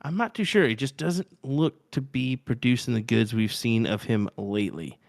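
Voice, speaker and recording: A man's voice: medium pitch, normal speed, vocal fry, no echo, studio quality. A man giving live darts commentary, bantering and teasing his co-commentator. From Texas.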